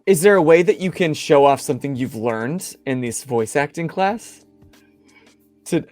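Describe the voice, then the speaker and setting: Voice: medium pitch, animated, moderate pace, darkish tone, no echo, faint music behind. A host of a geek talk show interviewing a guest in casual chat, cracking teasing jokes.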